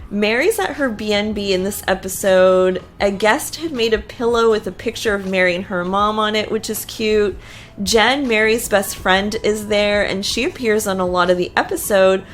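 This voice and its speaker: A woman's voice: medium pitch, normal speed, slight background noise. Chatty woman recapping a TV show. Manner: chatty, opinionated, lots of fillers. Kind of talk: casual TV recap and reaction.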